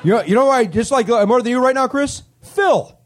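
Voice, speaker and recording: A man hosting a live comedy show on a club stage, teasing the audience with quick sarcastic riffs. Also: extremely high pitch, lively intonation, slight background noise. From Canada. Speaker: comedy podcast host. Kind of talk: live comedy crowd work.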